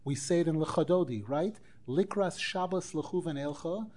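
High-pitched guy giving a torah class, lively, acts out the quotes, drops hebrew phrases. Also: moderate pace. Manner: animated, acts out quoted dialogue, mixes in Hebrew and Aramaic phrases. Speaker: rabbi teaching a Torah class. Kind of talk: Torah lecture.

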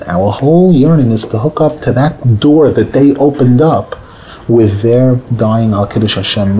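Male rabbi, mellow tone, lively lecturer who acts out quotes. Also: a little hiss or hum, rough recording. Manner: animated, acts out quotes with rising pitch, drops to a murmur. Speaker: rabbi teaching a Torah class. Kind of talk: Torah lecture.

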